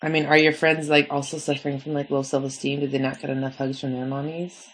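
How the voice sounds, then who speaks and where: Low-voiced young woman, chatty storyteller. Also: fast talker. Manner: animated storyteller, frequent "like" fillers. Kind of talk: casual chat.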